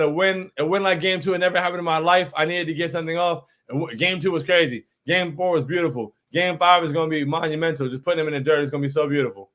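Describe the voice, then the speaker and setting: A man in his thirties from New York hosts a casual fan stream, reading out viewer messages with a fairly high voice. He is hyped and animated and keeps echoing his own lines. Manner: excited, repeats phrases, reads viewer comments aloud. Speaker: livestream host reading chat. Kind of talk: casual hype chat.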